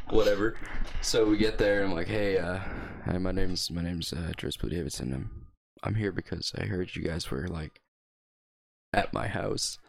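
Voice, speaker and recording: A young man casually telling a long, profane story with a wry, deadpan edge, co-hosting a podcast. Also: deep voice, normal speed, vocal fry. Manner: profane, wry, deadpan delivery of quoted lines. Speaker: podcast co-host.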